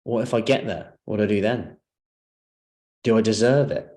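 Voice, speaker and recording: A man, lower in pitch than most, leads a live seminar in a relaxed, conversational way. He keeps throwing questions out to the room as he coaches. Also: moderate pace. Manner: conversational, asks the audience questions. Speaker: personal trainer leading a seminar.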